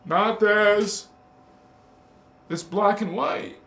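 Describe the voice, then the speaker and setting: Slow, gravelly high-voiced man. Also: steady tone, pushed and bright, roomy sound. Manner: teasing, emphatic, laughs often. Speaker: host of a spiritual livestream. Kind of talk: casual livestream talk.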